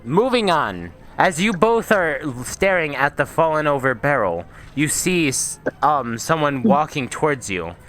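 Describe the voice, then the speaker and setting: A young man narrates a tabletop game as game master, casual and teasing, often stumbling and restarting. His fairly high voice swings with lively pitch. Faint music sits underneath. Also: a little slow, hardly any pauses, rough recording.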